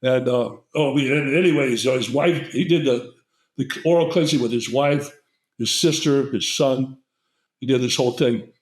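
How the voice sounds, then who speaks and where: There's a roomy echo as an older man, a visiting herbalist, tells a drawn-out story in conversation. His medium-pitched voice moves at normal speed, peppered with fillers and restarts.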